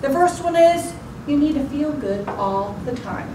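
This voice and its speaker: A woman's voice: high-pitched, lively intonation, a little slow, warm tone. A woman in her forties giving a motivational contest speech with a theatrical, emphatic delivery. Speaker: contest speaker. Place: club meeting room. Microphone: far room mic. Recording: echoey room from far off, noisy.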